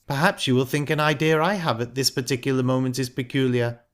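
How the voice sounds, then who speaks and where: A man voicing a calm, sharp-tongued young woman who speaks in a pointed, ironic way. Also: medium pitch, fast talker, pitched above the performer's own voice, close to an everyday voice. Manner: cool, pointed and cutting.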